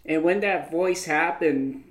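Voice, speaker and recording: A man's voice: a little high, takes it slowly. Encouraging male paranormal show host. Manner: encouraging, hesitant with "uh" fillers. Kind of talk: interview questions.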